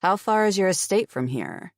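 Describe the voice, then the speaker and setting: A woman voicing a fierce young heroine with a siren voice, sharp and defiant in her questions. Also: medium pitch, expressive, normal speed, no echo, studio quality, voice pushed up, close to an everyday voice. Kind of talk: audiobook character voice.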